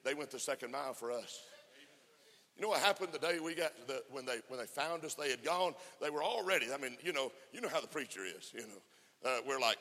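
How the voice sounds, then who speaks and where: A man's voice: mid-range voice, quick pace, sharp tone. A man preaching a fervent sermon to a conference, often laughing and calling for amens. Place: church conference hall. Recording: echoey hall reverb.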